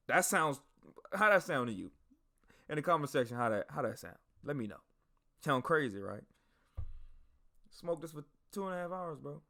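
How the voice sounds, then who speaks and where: A man hosts a podcast, telling stories casually and profanely while speaking directly to his listeners. His voice is medium-pitched and a bit bright.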